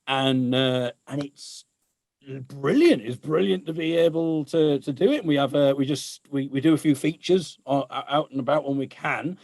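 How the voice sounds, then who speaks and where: A man's voice: fairly high pitch, moderate pace, darkish tone, no echo, studio quality. A man, a guest musician chatting casually and laughing often at himself. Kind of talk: casual chat.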